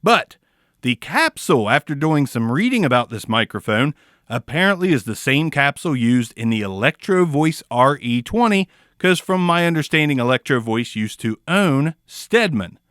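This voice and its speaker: Southern-accented man, casual mic reviewer, crude and goofy, lively pitch, dry sound. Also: moderate pace, no room sound. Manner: goofy, swearing, crude jokes, sudden loud outbursts. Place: small home studio.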